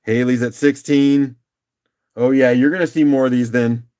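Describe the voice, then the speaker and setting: A man's voice: mid-range voice, steady tone, normal speed, warm tone, clear, resonant tone. A man hosting a casual live-stream rock auction, upbeat and chatty, calling out bids and laughing often.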